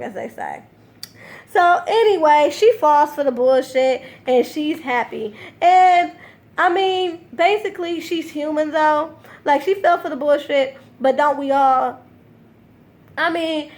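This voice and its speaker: High-voiced sassy woman recapping TV. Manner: sassy, blunt and profane, animated retelling. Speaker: TV recap host. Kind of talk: casual reality TV recap commentary.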